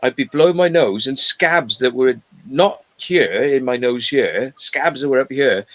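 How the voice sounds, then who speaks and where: A man's voice: mid-range voice, measured pace. A man in casual chat, telling rambling stories and swearing freely.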